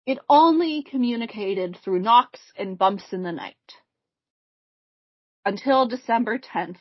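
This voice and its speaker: A woman with a somewhat high voice tells a ghost story to friends on a podcast. She reads it in a measured, casual way. The sound is dry and slightly dull. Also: animated, no echo. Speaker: podcast co-host telling a spooky case.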